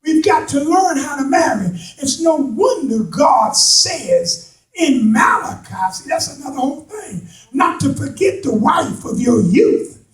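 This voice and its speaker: A man preaching a sermon to a responding congregation, building from slow talk into impassioned shouts with folksy turns of phrase. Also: very high voice, sing-song. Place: church sanctuary. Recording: echoey hall, voice from a distance.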